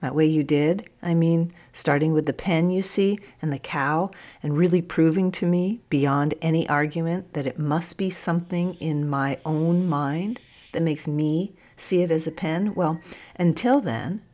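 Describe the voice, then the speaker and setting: Low-voiced woman telling a story. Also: measured pace, dark tone. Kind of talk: first-person story narration.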